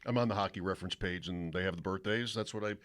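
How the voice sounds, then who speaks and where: A man's voice: sits low, fast talker, a bit bright. A man hosting a sports radio show, talking casually in a rambling, self-interrupting way from the studio.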